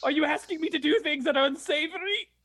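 Man putting on a sobbing captive, high-pitched, groveling, cracking with fear. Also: quick pace, fairly bright tone. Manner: whimpering, sobbing, pleading. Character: pathetic groveling male captive, whimpering.

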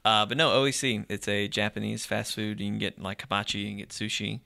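Guy on a podcast, gravelly crackly voice but bright and punchy, laid-back storyteller. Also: on the low side, fairly even intonation, fast talker, dry recording, clean studio sound. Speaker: podcast co-host. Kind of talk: casual chat.

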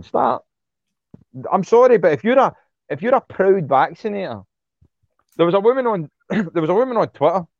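A man's voice: a little high, no echo, muffled recording. A man, speaking bluntly and heatedly as an interview guest, swearing freely and repeating himself when worked up. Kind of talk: impassioned casual interview talk.

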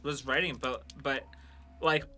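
A man's voice: medium pitch, unhurried. A young man hosting a podcast, chatting casually about his own show with frequent laughter. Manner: laughs often, animated and playful. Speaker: podcast host and writer of the show. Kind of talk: casual chat reading listener reviews.

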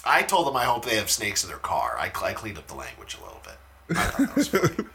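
A man in his thirties casually telling funny stories in a podcast chat, swearing freely and shouting out the lines of the people he quotes. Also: on the low side, wildly swooping pitch, fast, gravelly, slight background noise. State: talking quietly at times because his wife sleeps.

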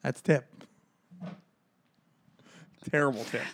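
Deadpan ranting podcast co-host man. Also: mid-range voice, takes it slowly, gravelly. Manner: deadpan ranting, profane jokes. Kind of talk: casual chat.

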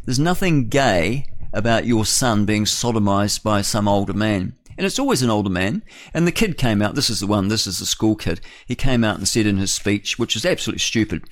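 A male radio host delivering a rambling, opinionated solo monologue in a studio, often chuckling at his own remarks. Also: fairly low pitch.

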